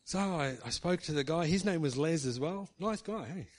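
A man's voice: a little high, lively intonation, normal speed. A middle-aged man preaching, telling a personal story in a chatty way and ending remarks with "hey". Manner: chatty, tag questions with "hey". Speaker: pastor. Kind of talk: sermon storytelling.

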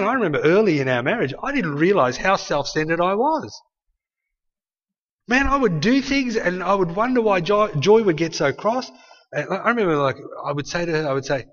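A man's voice: a little high, a bit bright. A man, preaching an earnest, conversational sermon and speaking prayers aloud. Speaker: pastor. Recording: dull sound with long hall reverb.

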